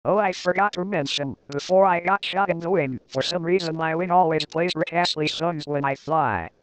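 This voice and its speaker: A man's voice: on the high side, normal speed, smooth, dry recording, lightly acted, poor audio. A man voicing a chatty male bird with a hurt wing, talking in an offhand way.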